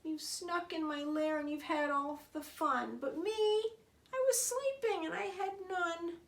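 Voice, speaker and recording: A woman's voice: extremely high pitch, measured pace, fairly bright tone, roomy sound, pitched above the performer's own voice, exaggerated voice. A woman voicing a big male bear who whimpers and sulks, in a storybook read-aloud. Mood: sulky. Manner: whimpering, sulky.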